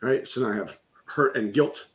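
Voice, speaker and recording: A middle-aged man speaking as a guest in a conversation, with a voice at an ordinary pitch. He tells a painful personal story candidly and keeps checking in with "right?". The delivery is conversational and open. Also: normal speed. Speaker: guest, business coach.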